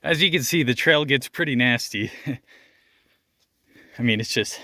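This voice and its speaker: A man's voice: mid-range voice, slow, sharp tone, no room sound. A young man telling a story while hiking outdoors on a rocky trail, laughing often and out of breath. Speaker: vlogger. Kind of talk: casual storytelling vlog.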